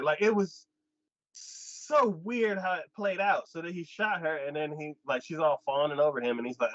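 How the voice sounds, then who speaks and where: An anime podcast host chats casually, retelling an episode at normal speed and performing the characters' lines animatedly with pitch leaps. His recording has a dull, lo-fi, dry quality without echo.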